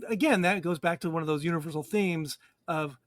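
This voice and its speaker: A man with a rather high voice co-hosts a casual movie podcast, reading out trivia and reacting with amused surprise. His voice sounds dry and close, with little room sound. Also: brisk, no room sound. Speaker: podcast co-host. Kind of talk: casual movie chat over drinks.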